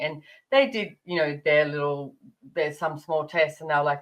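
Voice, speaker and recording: A woman's voice: deep voice, fairly even intonation, a little fast, rough recording. A woman hosting a podcast, chatting casually with her guest and telling her own story. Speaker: podcast host. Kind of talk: casual interview chat.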